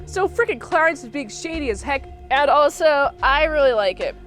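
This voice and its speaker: A woman's voice: high voice, lively intonation, normal speed, fairly bright tone, faint music behind. A young woman casually recapping a movie, rambling with lots of fillers and popping into goofy impressions of the characters. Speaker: movie reviewer.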